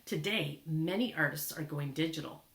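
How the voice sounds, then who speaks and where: A woman teacher reads a picture book aloud to young children, pausing often to praise and encourage. Her voice sits slightly low. The room around her is echoey. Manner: warm, encouraging, marvels often. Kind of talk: children's lesson, reading aloud.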